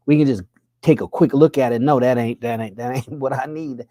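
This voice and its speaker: A man's voice: brisk, dark tone, no room sound, studio quality. A man, giving a motivational money talk in a preaching style, firing off rhetorical questions. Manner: preacher-like, rhetorical questions, pitch swings up when pressing a point. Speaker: money coach.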